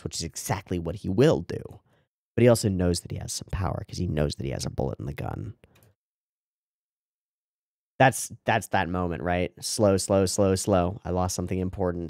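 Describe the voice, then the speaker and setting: A man with a somewhat low voice talks through an anime scene in casual commentary. He rambles enthusiastically, tossing in "like" and "right?" constantly. The sound is dry and close, with no room echo. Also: vocal fry, darkish tone. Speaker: anime reaction host.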